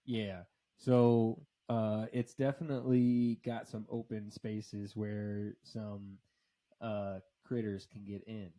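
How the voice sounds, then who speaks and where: Man, podcast co-host, casual chat, lowish voice, rambling, swears, laughs a lot. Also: level tone, slow pace, mellow. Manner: rambling storyteller, swears freely, laughs often.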